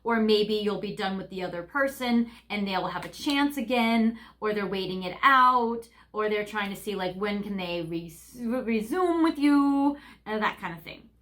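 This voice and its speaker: A woman's voice: medium pitch, lively intonation, a little slow, few pauses, fairly bright tone. A woman giving a casual tarot card reading, chatty and rambling, with lots of fillers. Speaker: tarot reader.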